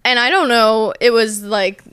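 Young woman, early twenties, bubbly chatty storyteller, smooth voice, dry close sound. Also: a little high, measured pace, fairly bright tone, no room sound. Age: early 20s. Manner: bubbly, gushing, says like a lot. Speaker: host. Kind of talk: casual vlog storytelling.

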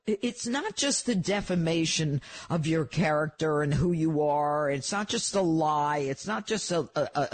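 A woman's voice: lowish voice, a little mellow, husky. A woman hosting a radio talk show, interviewing a guest in an emphatic, impassioned way.

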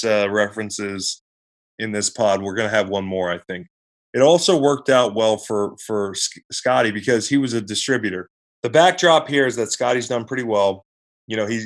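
Lowish-voiced guy doing casual sports pod chat, rambly and wry. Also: a bit bright. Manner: conversational, rambling, wry asides. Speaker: podcast host. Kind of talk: casual sports podcast commentary.

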